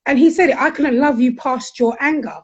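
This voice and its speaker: Through a muffled recording, a high-pitched, slightly rough female voice shares frank, lively stories. She's a middle-aged guest counsellor speaking conversationally and quickly slipping into acted-out quotes.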